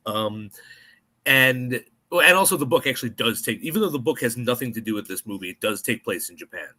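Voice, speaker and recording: Animated American man chatting about a film. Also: medium pitch, brisk, slightly rough. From United States. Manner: animated, puts on mock voices in quotes. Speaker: podcast co-host. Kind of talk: casual chat about a film.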